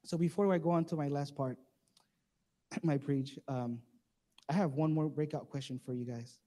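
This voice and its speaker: A man's voice: on the high side, steady tone, normal speed, warm tone. A male pastor preaching a casual, joking sermon, laughing often and acting out the people he quotes. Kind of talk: conversational sermon. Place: church sanctuary. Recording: live service in a reverberant hall.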